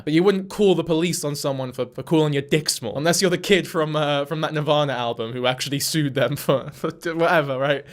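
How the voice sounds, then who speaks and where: Male commentator, slightly high voice, sarcastic and profane. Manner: joking, sarcastic, swears often. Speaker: commentary host. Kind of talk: casual reaction commentary.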